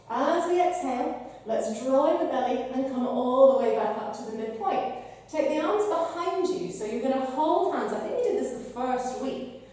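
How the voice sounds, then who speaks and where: A high-pitched, mellow-toned woman guides a yoga class, calmly and encouragingly talking students through each breath and pose. She sits at a distance from the microphone in a large room with a long, echoing reverb. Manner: calm, encouraging cueing of breath and poses. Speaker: yoga instructor. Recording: echoey hall, voice from far off.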